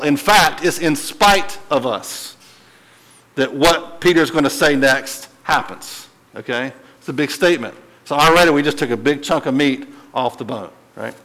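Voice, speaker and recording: A man's voice: fairly high pitch, rough recording. A man teaching a Bible study in a casual, conversational way, often checking in with his listeners and lifting his voice to stress a point. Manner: animated, voice lifts when stressing a point.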